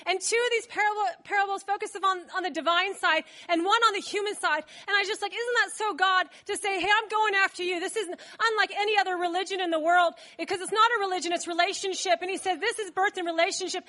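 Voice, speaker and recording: A woman preaching a sermon in a chatty, animated way, with asides to the congregation. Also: very high-pitched, quick pace, hardly any pauses.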